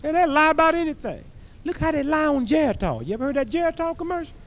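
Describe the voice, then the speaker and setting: A high-voiced man runs a punchy stand-up routine, mocking his targets and slipping into characters as he goes. The sound is dull and muffled, like a 1970s archive tape. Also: animated, quick pace, fairly bright tone. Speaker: comedian.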